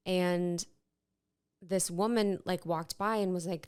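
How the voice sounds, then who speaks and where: A woman's voice: fairly low pitch, fairly even intonation, takes it slowly, a little mellow, smooth. A woman, co-hosting a podcast in casual chat, laughing often and acting out quotes. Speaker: podcast co-host.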